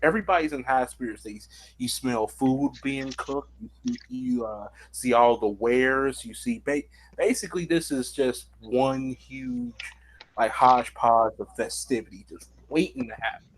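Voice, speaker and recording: Guy running a tabletop game, rambly, says basically a lot, mid pitch. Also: measured pace, slight background noise, poor audio. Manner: rambling, many fillers like "basically". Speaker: game master.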